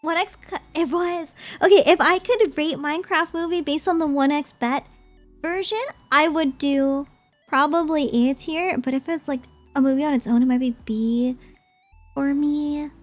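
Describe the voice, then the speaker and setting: A woman's voice: high-pitched, fairly even intonation, moderate pace, faint music behind. A young woman streamer chatting casually and rambling as she ranks movies, often giggling.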